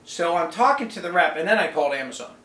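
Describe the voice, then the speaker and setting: Male online seller, high voice, exasperated rant, echoey room. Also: animated, fast talker, sharp tone. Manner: exasperated, indignant, emphatic. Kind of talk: ranting vlog to camera. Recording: roomy echo, mic set back.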